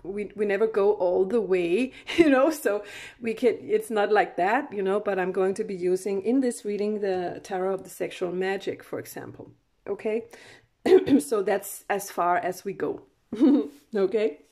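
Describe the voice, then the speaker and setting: A woman's voice: mid-range voice, normal speed, dark tone. A woman doing a casual tarot reading to camera, chatty, with many fillers and restarts and frequent laughs. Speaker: tarot card reader.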